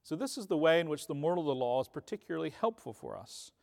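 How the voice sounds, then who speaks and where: A man's voice: a little high, lively intonation, fast, gravelly, a little mellow. Male teacher, conversational church class lecture, lots of ums, long hall reverb. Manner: conversational, frequent ums and "right?".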